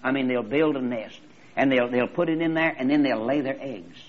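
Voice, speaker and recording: A man preaching in a folksy, animated storytelling way, often repeating his phrases. His voice is husky and mid-pitched. The recording sounds slightly muffled and lo-fi. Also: a little fast. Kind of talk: storytelling sermon.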